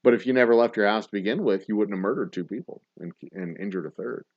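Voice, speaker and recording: A man's voice: fairly low pitch, fast, a little mellow, husky, highs cut off. A man co-hosting a casual podcast chat over drinks, ranting with lots of profanity and laughter. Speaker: podcast co-host.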